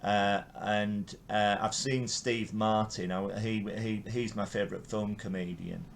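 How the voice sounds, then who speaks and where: A man's voice: fairly low pitch, steady tone, unhurried, gravelly, a little hiss or hum. An older man from England hosting a podcast interview, chatting enthusiastically with frequent restarts. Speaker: podcast host. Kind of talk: casual interview chat.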